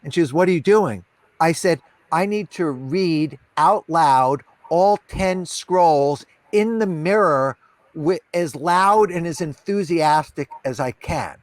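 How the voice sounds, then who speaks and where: A man with a somewhat high speaking voice tells candid stories in a podcast conversation. He talks emphatically, circles back with "you know" and "right", and repeats key phrases. The sound is dry and close to the mic. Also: slow pace, dry recording. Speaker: podcast guest, entrepreneur.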